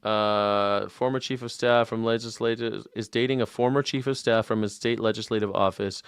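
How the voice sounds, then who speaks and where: A man's voice: lowish voice, steady tone, normal speed, smooth, no room sound, clean studio sound. A man hosting a live news reaction show, sarcastic and profane, mocking what he plays. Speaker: host.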